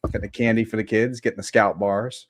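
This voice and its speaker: Low voiced guy walking thru charts on a live stream, laid back, lots of ums. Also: quick pace, no room sound. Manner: relaxed, lots of fillers. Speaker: futures trader. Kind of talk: live market commentary.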